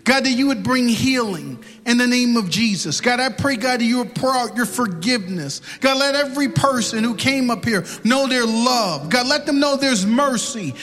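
A man's voice: very high-pitched, expressive, moderate pace, few pauses, a bit bright, long reverb tail. A man preaching and leading an altar-call prayer, building into impassioned, repetitive pleading. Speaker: pastor.

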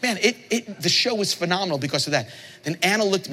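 Animated pastor preaching in a hall. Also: male voice, sits high, quick pace, a little hiss or hum. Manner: animated, playful, with sudden emphatic outbursts. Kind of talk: sermon. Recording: long hall reverb.

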